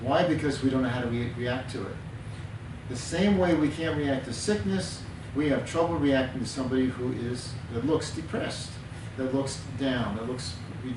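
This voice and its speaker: A male counselor talks earnestly in a plain, mid-range voice, often repeating a word for emphasis as he teaches. He sits away from the microphone in a reverberant room, and steady background noise runs under his speech. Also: mid-range voice, normal speed. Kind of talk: conversational teaching talk. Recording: roomy, distant mic with background noise.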